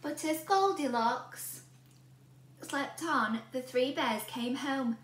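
A woman teacher reading a storybook aloud to children in an animated way, often asking the listener questions. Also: sits high, slow. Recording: roomy room with a faint hum.

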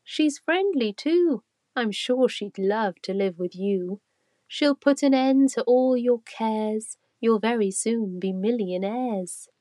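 A woman voicing a downy duck with a high, pleading voice. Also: slow pace, dark tone, no room sound.

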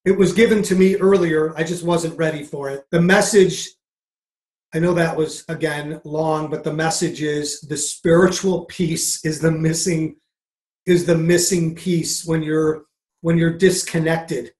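A man, a mindset coach, answering an interview question with a lively story, acting out the dialogue as he goes. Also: on the high side, measured pace, reverberant. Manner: animated, acts out dialogue in anecdotes. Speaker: podcast guest, mindset coach.

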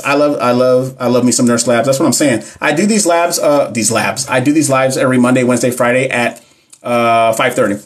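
A fast-talking man runs a casual live stream as a nurse educator. His voice sits at a middle pitch, and his speech is slangy as he addresses the chat directly. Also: steady tone. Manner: fast-talking, talks fast all the time.

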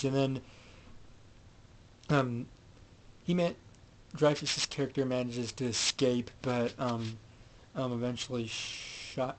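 A man's voice: mid-range voice, a little mellow, a little hiss or hum, low-quality recording. Rambling man recapping a film. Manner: rambling, many fillers and restarts. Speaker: film reviewer.

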